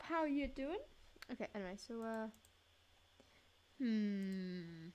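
A woman's voice: mid-range voice, lively intonation, slow, long pauses. A woman giving casual, giggly commentary while playing a life-sim game, talking to the characters on screen. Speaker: gaming video creator.

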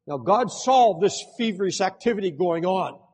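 Older male preacher, fervent sermon, high breathy voice, swings from shouts to hushes, long hall reverb. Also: lively intonation, normal speed. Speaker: pastor.

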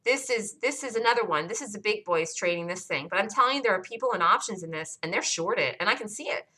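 Bright-voiced woman coaching day traders. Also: mid-range voice, expressive, quick pace, low-quality recording. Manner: emphatic and repetitive, asks listeners questions. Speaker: trading room leader. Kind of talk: live stock chart review.

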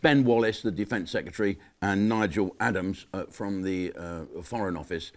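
A middle-aged man doing a brash, mocking comic monologue, swinging from loud jokes to muttered asides. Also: low-pitched, normal speed, few pauses. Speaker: comedian hosting his own channel.

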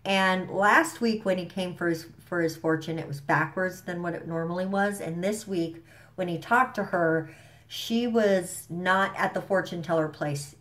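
A woman vlogger casually recapping a TV episode, rambling with slang and fillers, a bit stuffy from allergies, at home. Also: lowish voice. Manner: chatty, rambling, enthusiastic, with frequent fillers and slang.

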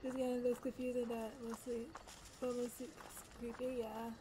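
A woman gamer talking her way through a horror game in casual, jumpy commentary, often exclaiming and repeating herself when nervous. Her voice sits a bit high. The recording carries noticeable background noise. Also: flat delivery, unhurried. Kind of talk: casual let's-play commentary.

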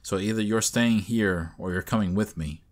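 A man's voice: on the low side, moderate pace, natural voice. A man voicing a determined, protective young man who gives orders in a firm, commanding way.

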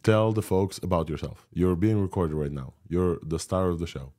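Man, podcast host, very deep voice, middle-aged, casual demo chat, excited asides. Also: moderate pace. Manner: excited, talks to the audience between tests.

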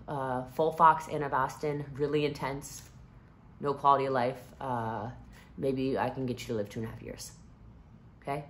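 A woman in her thirties telling a personal story to the camera in an animated, expressive way, swinging from hushed to loud. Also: extremely low pitch, normal speed, slight background noise. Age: 30s. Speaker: vlogger.

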